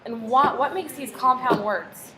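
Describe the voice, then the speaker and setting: A woman's voice: high voice, unhurried, a loud crowd. A woman teacher tutoring one pupil in phonics, patient and encouraging, asking question after question. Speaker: reading teacher.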